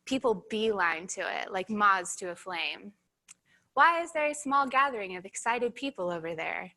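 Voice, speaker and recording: A woman delivers a church sermon, her voice bright and forceful. She speaks a touch high and slips in playful, joking asides. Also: rough recording.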